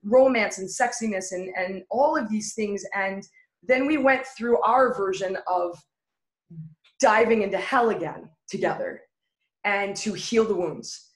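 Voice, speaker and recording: A woman's voice: medium pitch, measured pace. Earnest woman telling her story, echoey room. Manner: earnest, builds repeated phrases. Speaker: interview guest. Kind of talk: candid personal storytelling.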